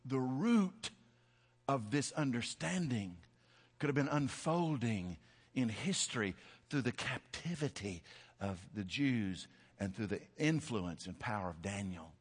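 A man preaching a sermon, storytelling with swings from hushed to loud, shouting peaks. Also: mid-range voice, animated, measured pace, breathy edge, in a large hall.

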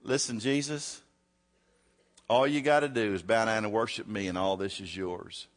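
A man voicing a smooth-talking male devil who coaxes in a lowered voice during a sermon, with long hall reverb. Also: steady tone, moderate pace, lightly acted. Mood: coaxing.

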